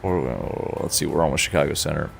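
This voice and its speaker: A man with a croaky, sick-sounding voice chatting casually on a flight sim stream, laughing often as he talks through cockpit checks. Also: extremely low pitch, fast, soft background music. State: sick, hoarse. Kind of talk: casual live-stream chat.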